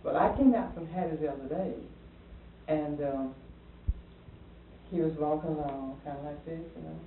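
A woman's voice: low-pitched, moderate pace. Woman telling a story on old tape. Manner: animated, acts out quoted voices, hesitant fillers. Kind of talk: casual storytelling conversation. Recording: lo-fi distant echoey archival tape with hiss.

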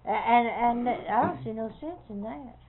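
A woman's voice: a little high, animated, normal speed. An older woman, talking plainly in casual conversation. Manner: plainspoken, fretful. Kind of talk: casual chat. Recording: tinny phone-like recording with faint hiss.

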